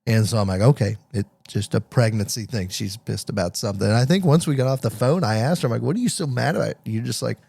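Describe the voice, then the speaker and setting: A young man co-hosting a casual parenting podcast, telling stories in a halting way with many restarts. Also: lowish voice, vocal fry, warm tone, no echo. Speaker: podcast co-host. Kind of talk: casual chat.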